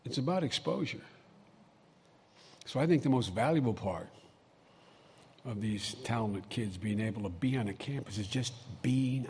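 A man's voice: medium pitch, sing-song, moderate pace, long pauses, a little mellow. An older man giving a folksy, emphatic public speech full of personal stories. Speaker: vice president giving a speech. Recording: long hall reverb, faint ambient noise.

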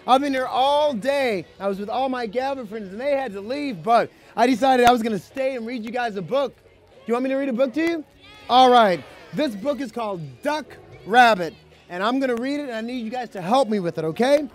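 Very high-voiced man reading to kids. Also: fairly quick. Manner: playful, calls out questions to the kids. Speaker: storybook reader for children. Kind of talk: lively read-aloud to a young crowd. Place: outdoor public event.

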